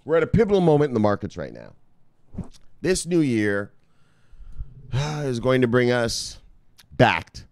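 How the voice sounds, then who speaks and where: Crisp-voiced, profane crypto vlog host. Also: male voice, mid-range voice, sing-song, a little slow, long pauses, no room sound, clean studio sound. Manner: loose, profane, says "bang" as a catchphrase. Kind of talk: casual vlog talk. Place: home studio in South Beach.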